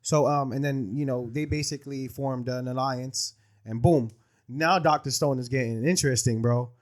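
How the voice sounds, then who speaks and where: A man's voice: mid-range voice, steady tone, moderate pace. A man co-hosting a casual podcast chat, laid-back and slangy. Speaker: podcast co-host. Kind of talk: casual anime recap chat.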